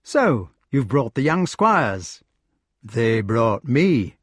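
A man's voice: mid-range voice, big pitch swings, drawn-out words, breathy edge, no room sound, clean studio sound, exaggerated voice. A man voicing a cheerful, shrewd male outlaw leader in a storybook reading, with a hearty, commanding manner.

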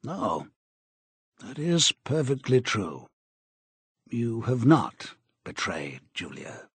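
A man voicing a cold, menacing male interrogator in an audiobook, speaking in a measured, contemptuous way. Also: mid-range voice, big pitch swings, breathy edge, no room sound, heavily acted. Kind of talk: audiobook character reading.

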